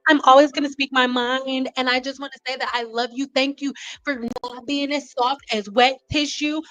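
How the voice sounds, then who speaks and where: A young woman hosting a hair care live stream, chatting with viewers in a loud, playful way. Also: sits high, rough recording. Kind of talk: casual live-stream chat.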